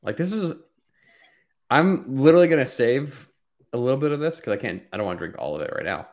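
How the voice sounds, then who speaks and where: A man co-hosting a whiskey podcast, eager and excitable while tasting. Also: medium pitch, fast talker. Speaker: podcast co-host. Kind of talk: casual chat, whiskey tasting.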